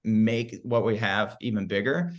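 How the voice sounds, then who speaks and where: A man's voice: lowish voice, unhurried. A man guesting on a podcast, talking upbeat and casually about running his practice, with lots of "like" fillers. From United States. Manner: upbeat, filler-heavy with frequent "like". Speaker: chiropractor guest.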